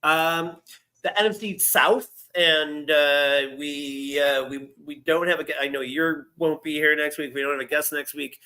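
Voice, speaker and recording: Male podcast host, very bright tone, loose rambling sports chat. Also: fairly high pitch, steady tone, unhurried. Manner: rambling, laughs often, many restarts.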